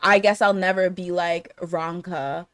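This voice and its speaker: A woman hosting a casual anime chat, rambling through a recap with many fillers and quick laughs. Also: on the low side, fairly even intonation, a bit bright, clear, resonant tone, no echo. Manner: chatty, lots of fillers and laughter. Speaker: podcast host.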